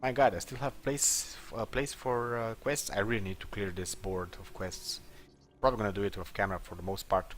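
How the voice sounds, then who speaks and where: A man's voice: on the low side, fairly quick, pushed and bright, a little hiss or hum. A man giving casual let's-play commentary, thinking aloud and chuckling as he plays. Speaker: gameplay commentator.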